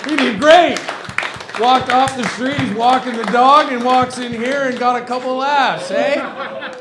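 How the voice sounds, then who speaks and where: A man hosts an open-mic comedy night, his voice pitched very high. He ribs the performers with offhand, teasing banter before calling up the next act. The tone stays loose and casual. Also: a little slow, reverberant, a crowd in the background, noisy background. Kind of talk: introducing comics.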